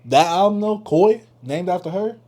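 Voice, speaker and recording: A young man co-hosting a podcast, giving animated, opinionated takes and laughing often in casual chat. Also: sits high, normal speed. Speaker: podcast co-host.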